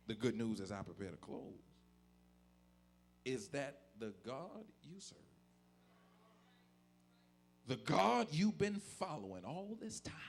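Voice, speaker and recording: A male pastor delivering a sermon, moving from hushed talk to shouted, sing-song preaching. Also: high-pitched, gravelly, low-quality recording. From Florida.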